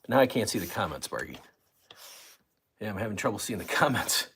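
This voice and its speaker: A man's voice: fairly low pitch, sing-song, fairly quick, vocal fry, fairly bright tone, slight background noise. An older man hosting a casual livestream, rambling and joking with viewers, at times out of breath. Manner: rambling, jokey, talks to chat. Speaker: livestream host.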